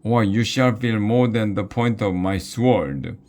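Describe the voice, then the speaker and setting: A man's voice: fairly low pitch, takes it slowly, darkish tone, pitched above the performer's own voice. A man reading a storybook aloud, voicing a fierce young girl student who speaks in a stern, growling way.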